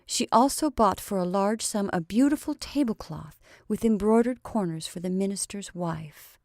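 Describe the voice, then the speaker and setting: Female storyteller, measured expressive reading, close dry recording. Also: medium pitch, dry recording. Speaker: narrator. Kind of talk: scripted narration of a classic story.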